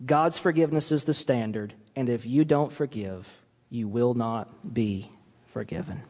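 A man preaching a sermon as pastor, lively and animated, acting out quoted apologies as he teaches. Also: medium pitch, a little slow, big-room sound. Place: church sanctuary.

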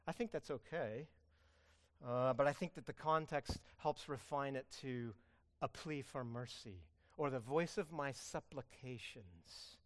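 A man preaching a sermon as pastor, earnest, swinging between loud pleading and hushed emphasis. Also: medium pitch.

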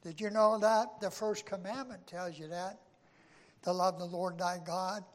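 An older male preacher delivers a sermon at a slow, deliberate pace, his voice pitched high for a man. He stumbles and restarts often, then swells with emphasis on key words. His voice rings with the long reverb of a church hall. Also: fairly even intonation. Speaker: pastor.

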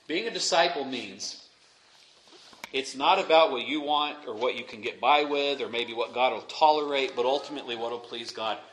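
A young man preaching a sermon as pastor, dropping to quiet asides and rising to loud, emphatic peaks. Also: mid-range voice, moderate pace. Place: church sanctuary. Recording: echoey room, faint noise.

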